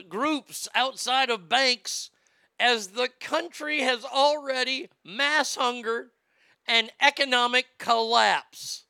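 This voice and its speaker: A man's voice: very high-pitched, creaky, sharp tone, clean tone, no echo, studio quality. A middle-aged man hosting comedic commentary, mocking and sarcastic, laughing often and slipping into silly voices. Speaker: host.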